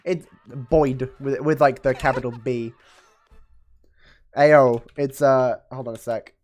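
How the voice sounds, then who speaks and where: A man's voice: mid-range voice, fairly even intonation, slow, a little mellow, faint music behind. A man hosting a livestream, chatting casually and teasing his guest while reading chat. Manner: playful, teasing, reacts to chat. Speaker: streamer host.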